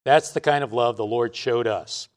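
A man's voice: mid-range voice, moderate pace, smooth. A man preaching an expository Bible sermon, stressing and repeating his key points. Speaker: pastor.

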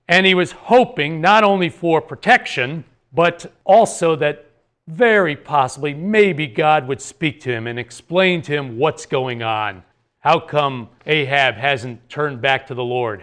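A man's voice: a little high, fairly bright tone. A man giving an earnest Bible teaching talk, explaining a passage verse by verse with rhetorical questions.

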